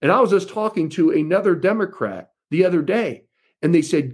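A man's voice: high voice, lively intonation, brisk, slightly rough. A man giving an impassioned political speech to supporters, rousing and repeatedly calling them folks. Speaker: political speaker.

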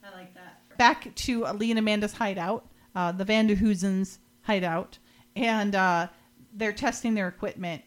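A woman's voice: medium pitch, steady tone, normal speed. A woman hosting a podcast, casually recapping a TV episode and quoting the characters with light acting and frequent laughs. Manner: quotes characters in lightly acted lines, laughs often. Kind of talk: casual chat, retelling scenes.

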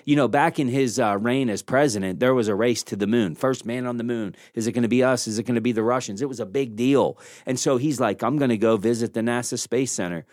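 A man hosting a leadership podcast, talking into a studio microphone in a small room. His voice sits at an ordinary middle pitch and sounds close and dry, with almost no room echo. He tells stories in a lively, self-deprecating way and acts out the dialogue he quotes. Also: fairly quick, hardly any pauses. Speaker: podcast host.

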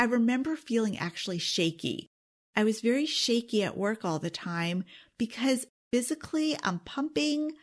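Animated woman with a high, lively voice. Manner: animated, emphatic, often asks "okay?" and laughs. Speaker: podcast host. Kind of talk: casual solo podcast talk.

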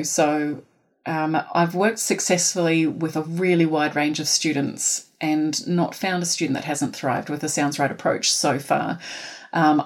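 A woman with a New Zealand accent, a teacher answering podcast questions in a careful, explanatory way with frequent ums. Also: low voice. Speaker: phonics intervention teacher, guest.

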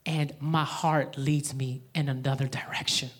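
A woman's voice: very deep voice, little pitch movement, a little slow, slightly rough. A woman pastor preaching a sermon at a church service, speaking with emphasis and calling the congregation to read along. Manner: emphatic preaching, leads the congregation in reading aloud.

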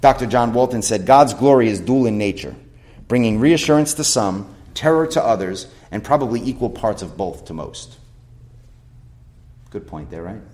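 A male pastor delivers a sermon in a fairly low voice. He preaches emphatically, putting rhetorical questions to his listeners and reading scripture aloud between points. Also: lively intonation, moderate pace, darkish tone.

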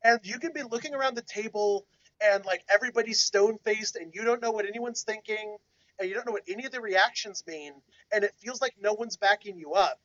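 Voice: medium pitch, fairly quick, fairly bright tone, no room sound, rough recording. A podcast co-host talking through advice in an earnest, thoughtful way. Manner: earnest, advising. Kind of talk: casual discussion.

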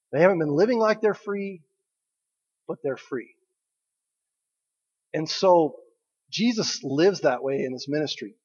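A man's voice: a little high, slightly rough. A man preaching a sermon as a pastor, speaking in a conversational, joking way and asking the congregation questions. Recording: dull audio with long hall reverb.

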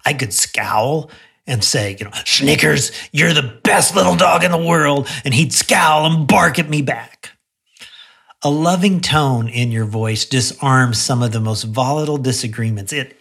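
A male pastor with a husky, slightly breathy voice delivers a radio sermon. He talks earnestly and conversationally, at a medium pitch, before leading a prayer.

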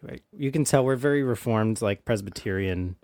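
A man's voice: lowish voice, normal speed, a little mellow, no room sound, clean studio sound. A man hosting a casual podcast chat, easygoing and heavy on fillers like "like" and "you know". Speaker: podcast host.

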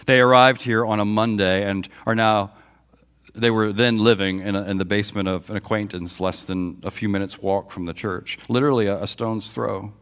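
A man's voice: fairly low pitch, fairly even intonation, normal speed, a bit bright, clean tone. A man pastor preaching a sermon, telling a personal story and a Bible story, quoting dialogue with feeling. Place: church sanctuary.

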